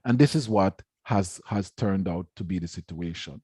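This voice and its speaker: A man's voice: sits low, moderate pace, few pauses, mellow, husky, dry recording, clean studio sound. A man giving a formal lecture on education, speaking emphatically and repeating words to stress his points. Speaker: education researcher giving a talk.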